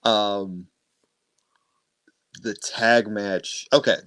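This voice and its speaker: A man co-hosting a wrestling podcast in casual chat, animated and quick to swear and laugh. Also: on the low side, no echo. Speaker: podcast co-host.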